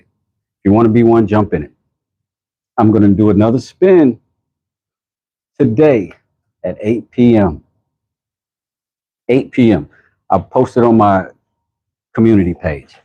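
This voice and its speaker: An American man hosting a casual livestream, rambling and laughing as he gives shout-outs to viewers from his workshop. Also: fairly low pitch, breathy edge. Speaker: channel host. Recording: dull lo-fi sound.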